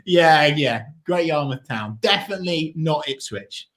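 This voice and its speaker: Excitable football fan co-host. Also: male voice, a little high, a little slow. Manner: boisterous, shouts and sings at goals. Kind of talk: excited football watchalong chat.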